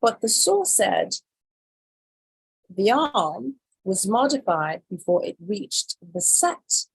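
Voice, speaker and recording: A woman's voice: medium pitch, very animated, slow pace, gravelly, slightly rough, no echo, low-quality recording. A woman hosting a live show, chatting about the news and reading headlines aloud with an incredulous, chatty manner. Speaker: host. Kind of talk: casual news commentary livestream.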